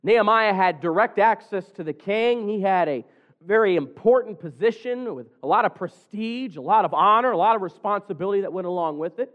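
High-voiced preacher, dull recording. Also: male voice, lively intonation, brisk. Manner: earnest, building to raised pleas. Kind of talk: sermon.

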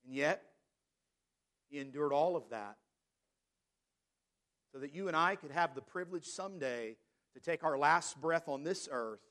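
A man preaching a sermon as pastor, reading scripture slowly and stressing key words. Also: fairly high pitch, fairly bright tone. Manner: preaching, reads scripture in King James wording, slows for emphasis.

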